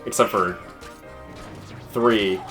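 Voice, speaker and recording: A man's voice: lowish voice, fairly even intonation, drawn-out words, fairly bright tone, soft background music. A young man co-hosting a let's play, rambling and laughing often, with casual swearing. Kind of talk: casual gaming commentary.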